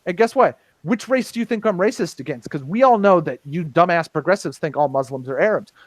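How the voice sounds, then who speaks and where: A man's voice: fairly high pitch, animated, a little fast, no room sound, low-quality recording. A man on a casual roundtable podcast, talking in a heated, profane, rambling way with many restarts. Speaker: podcast host.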